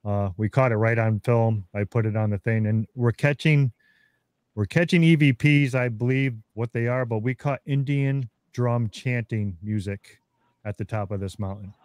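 Male guest, mid pitch, dry close sound, eager storyteller. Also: normal speed, a little mellow, no echo. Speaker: guest researcher. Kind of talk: casual interview chat.

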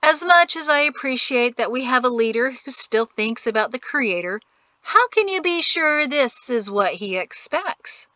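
A woman plays a smug, greedy rich man in an audiobook, his tone syrupy and condescending. The voice is bright and a little high, recorded close and dry. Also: lively intonation, unhurried, no echo, exaggerated voice. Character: greedy wealthy man, sickly sweet and smug.

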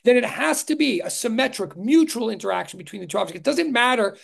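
A man, a physics professor, giving an animated conceptual lecture to an online class, thinking aloud with frequent restarts and dry sarcastic asides. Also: very high voice, quick pace, gravelly. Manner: emphatic, stressing ideas with repeated "really".

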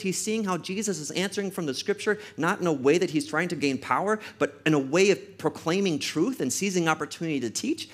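A man preaching a sermon as pastor, stressing key phrases slowly and repeating them, with quicker conversational storytelling asides. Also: high-pitched. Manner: emphatic, with slowed-down stressed phrases and repetition for effect.

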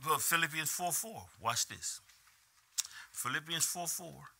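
An older man preaching a lively, colloquial sermon in a church, calling out to the congregation and repeating phrases for emphasis. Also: fairly high pitch, unhurried, gravelly. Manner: animated preaching with call-and-response. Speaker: pastor. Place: church sanctuary.

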